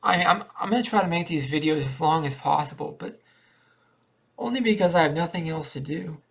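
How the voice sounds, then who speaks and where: A man's voice: a little high, fairly quick, creaky, fairly bright tone, slightly rough. A man rambling in a downbeat, repetitive confessional monologue to a cheap webcam at home. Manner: downbeat, repetitive, thinking aloud. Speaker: vlogger.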